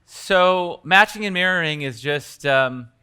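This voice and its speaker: A man's voice: on the high side, measured pace, pushed and bright, smooth. A man teaching coaches at a live workshop in a conversational way, acting out bits of example dialogue. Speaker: coaching trainer.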